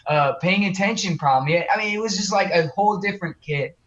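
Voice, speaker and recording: A young man with a fairly high, bright and forceful voice tells a story in an earnest, animated way. He stumbles over fillers and restarts as he goes. The audio is muffled and lo-fi. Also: quick pace. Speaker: guest. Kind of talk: casual storytelling interview.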